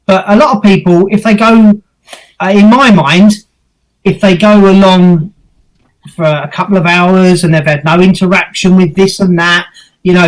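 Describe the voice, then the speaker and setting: High-pitched bloke, blunt and sweary, podcast guest talking ghost hunting. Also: male voice, rough recording. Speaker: paranormal investigator guest. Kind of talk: casual podcast chat.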